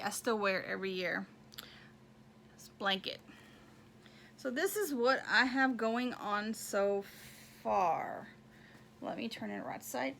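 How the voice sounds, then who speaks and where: Chatty high-voiced woman, slow and bright. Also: vocal fry, slight background noise. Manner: chatty, rambling, counts stitches aloud. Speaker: knitting podcast host. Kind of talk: casual show-and-tell chat.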